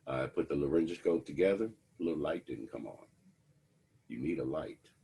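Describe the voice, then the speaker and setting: Male instructor, very deep husky voice, wry storyteller lecturing a class. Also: moderate pace, dark tone. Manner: wry, conversational storytelling to students. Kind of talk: lecture with personal anecdotes.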